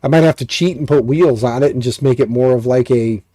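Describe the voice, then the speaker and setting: An American livestream host with a stuffy, nasal voice rambles casually, cracking jokes and using many fillers. His mid-range voice is brisk and warm, captured in a clean, dry studio recording.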